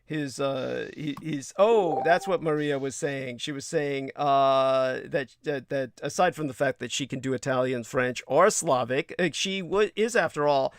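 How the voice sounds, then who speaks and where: A man's voice: mid-range voice, unhurried, hardly any pauses. A man hosting a livestream, talking in a digressive, crude and emphatic way with many restarts. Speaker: livestream host. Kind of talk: rambling livestream talk.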